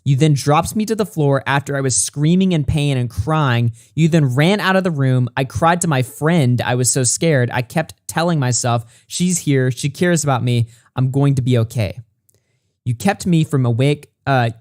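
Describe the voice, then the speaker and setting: A man reading a written statement aloud in a measured way, with occasional stumbles and brief asides. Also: medium pitch, darkish tone, dry recording, clean studio sound. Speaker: commentary YouTuber.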